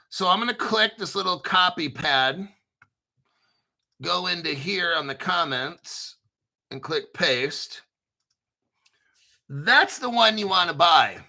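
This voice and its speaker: Man, crypto livestream host, bright tone, casual, swearing, jokey. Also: fairly high pitch, creaky. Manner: profane, rambling, jokey.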